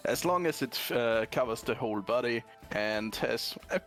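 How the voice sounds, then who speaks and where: A man playing a tabletop game, talking in a relaxed, casual way and laughing often. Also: medium pitch, normal speed, soft background music. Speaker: player.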